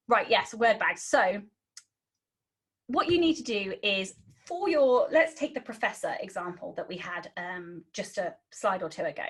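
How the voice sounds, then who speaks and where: A woman's voice: medium pitch, moderate pace, husky. A British woman giving a webinar lesson on writing, cheeky and sarcastic in tone, with lots of ums. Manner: says um a lot. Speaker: writing instructor.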